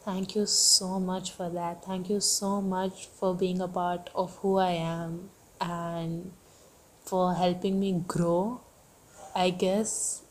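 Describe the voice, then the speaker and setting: A woman in her twenties speaks slowly in a birthday voice note, affectionate and teasing by turns. Faint ambience hums behind her mid-pitched voice. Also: little pitch movement, slight background noise. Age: 20s. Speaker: best friend leaving a birthday message. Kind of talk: recorded birthday voice message.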